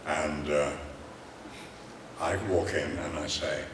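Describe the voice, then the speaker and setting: A man's voice: a bass voice, little pitch movement, takes it slowly, reverberant, distant mic, background noise. An older man with an Irish accent, telling rambling, theatrical anecdotes as a guest on a convention panel. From Ireland. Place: large convention hall.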